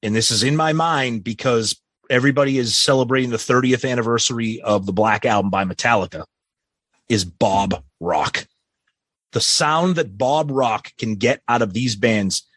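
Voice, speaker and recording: A man's voice: medium pitch, moderate pace, a bit bright, no echo. A man co-hosting a casual podcast, reading listener questions in a blunt, profane way. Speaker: podcast co-host.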